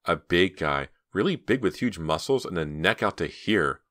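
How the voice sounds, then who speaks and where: Man doing a chatty teenage girl, playful, nosy, deep voice pushed up, dry close sound. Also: lively intonation, moderate pace, fairly bright tone, no room sound.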